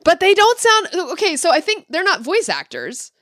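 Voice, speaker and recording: Bubbly woman podcast host, high and animated, dry close sound. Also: normal speed, no room sound. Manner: enthusiastic, bubbly, laughs often. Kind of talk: casual chat.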